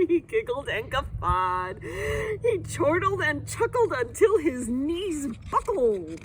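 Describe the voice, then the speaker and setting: A woman library director reading a children's storybook aloud in an expressive, animated way. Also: high-pitched, a little slow, a little hiss or hum.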